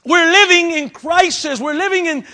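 A man preaches a sermon in a church. His voice sits very high and rings bright. He swings from dramatic near-shouts down to hushed, intimate asides. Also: normal speed. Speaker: pastor.

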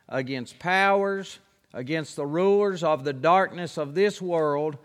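A man delivers a sermon, first praying reverently in a low voice, then preaching in an emphatic, folksy manner. His voice has a slightly bright quality.

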